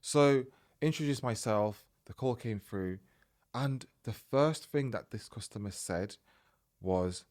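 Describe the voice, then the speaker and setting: A man hosting a podcast, telling a personal story in a casual, animated way and acting out the dialogue. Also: mid-range voice, slow. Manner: animated, retells events by acting out quoted dialogue. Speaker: podcast host.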